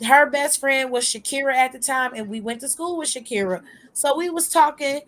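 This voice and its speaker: High-voiced woman telling a lively story. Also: moderate pace. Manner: lively, animated retelling with laughs and asides. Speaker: host. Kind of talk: storytelling on a talk show.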